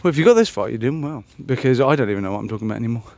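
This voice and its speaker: A man's voice: mid-range voice, animated, very fast, darkish tone, no room sound. A man musing aloud on a solo podcast, meandering and self-mocking, with many ums and restarts. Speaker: podcast host. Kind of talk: rambling solo podcast chat.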